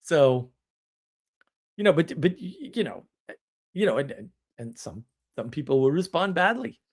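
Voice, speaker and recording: A man's voice: on the high side, sing-song, normal speed, husky. Blunt, rambling man on a live stream. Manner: rambling, with frequent restarts and chuckles; blunt and wry. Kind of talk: casual live-stream monologue.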